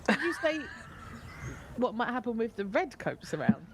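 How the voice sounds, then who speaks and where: A woman's voice: on the high side, very animated, slight background noise. Laughing woman at a game table. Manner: laughing, quick questions. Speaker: player. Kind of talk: casual tabletop chat.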